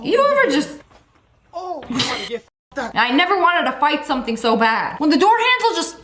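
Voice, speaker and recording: A woman's voice: sits high, sing-song, normal speed, reverberant, crowd noise. A woman hosting a reaction video, making jokey and exaggerated comments on clips.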